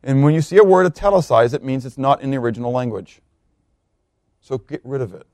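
A man preaching a verse-by-verse sermon, reading scripture aloud, swelling on key words and dropping low, often asking his listeners questions. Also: animated, quick pace, a little mellow, no room sound. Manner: emphatic, swells on key words then drops low, asks the congregation questions. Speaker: pastor.

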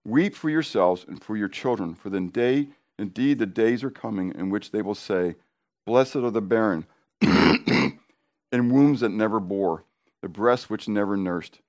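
A middle-aged man preaching a sermon, animated and emphatic, swinging between quiet asides and near-shouts, with repetitions and call-and-response questions to the congregation. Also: lowish voice, measured pace. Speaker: pastor.

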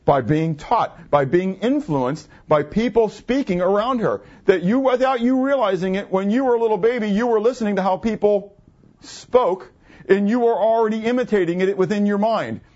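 A pastor in his fifties gives a conversational sermon at a moderate pace, his voice slightly higher than most men's and a little mellow. He repeatedly poses rhetorical questions to his listeners and then answers them himself. The recording sounds muffled and lo-fi.

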